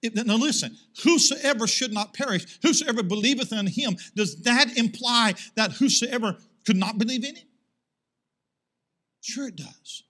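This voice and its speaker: A male pastor preaching a sermon to his congregation in church. He asks rhetorical questions and rises into loud, emphatic swells. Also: very high-pitched, normal speed.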